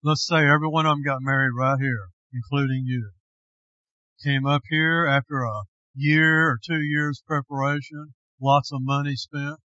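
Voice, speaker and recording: Slow deliberate male pastor preaching, bright voice, kinda dull lo-fi sound. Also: fairly high pitch, steady tone, no echo. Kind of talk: sermon.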